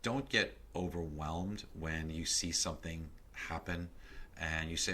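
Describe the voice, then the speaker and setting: A middle-aged man as a podcast guest, telling stories in a lively, animated way that grows loud and excited. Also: extremely low pitch, a little slow, slight background noise. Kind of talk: casual interview storytelling.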